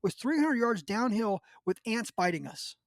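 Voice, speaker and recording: In casual podcast talk, a host with a light, high-pitched male voice tells an animated story at a moderate pace. He plays out what people said and often laughs, and the dry recording sounds close, with no room in it.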